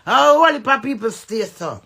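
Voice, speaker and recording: A Jamaican woman in an angry, profane social media rant, veering between loud outbursts and low muttering. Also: very animated, a little fast, creaky. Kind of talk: ranting social media live video.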